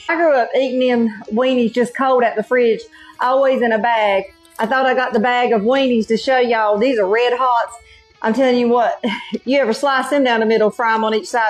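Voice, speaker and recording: A middle-aged woman with a Southern Carolina accent, hosting a home cooking demonstration in a folksy, chatty way. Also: fairly high pitch. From North Carolina. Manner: folksy, chatty, keeps saying y'all and okay. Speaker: cooking channel host.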